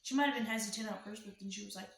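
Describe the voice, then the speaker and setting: A woman's voice: mid-range voice, very fast, a little hiss or hum. A young adult woman telling a personal story in a casual storytime, chatty and full of "like" fillers. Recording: roomy room with faint music.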